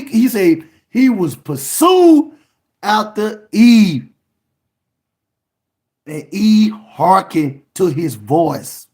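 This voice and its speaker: A man preaching with fire, his high voice swinging wildly up and down as he stresses a point. He speaks slowly, repeats himself and now and then breaks into a shout. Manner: emphatic, repeats words, bursts into shouts. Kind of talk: fiery sermon.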